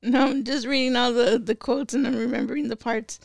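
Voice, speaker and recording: Giggly high-voiced woman co-host. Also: steady tone, fairly quick, gravelly, no room sound, clean studio sound. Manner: giggly, retells scenes. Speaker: podcast co-host. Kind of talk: casual podcast chat about a movie.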